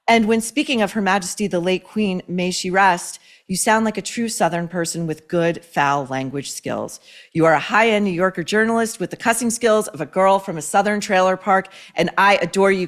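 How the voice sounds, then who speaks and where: A woman's voice: mid-range voice, a bit bright. Blunt, profane woman podcast host. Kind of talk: opinionated commentary reading listener emails.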